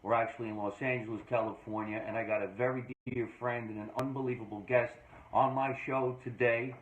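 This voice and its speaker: A man from New Jersey hosting a casual podcast chat, energetic and joking with emphatic delivery. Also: mid-range voice, brisk. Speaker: podcast host. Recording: echoey room, dull lo-fi sound.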